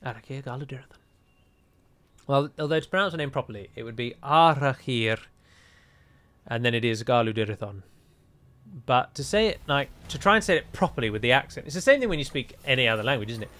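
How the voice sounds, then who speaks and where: A man's voice: mid-range voice, expressive, fast, sharp tone. A man with an English accent giving casual, wry, rambling commentary while playing a strategy game. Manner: chatty, wry, rambling asides. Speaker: gameplay commentator. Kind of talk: casual let's-play commentary.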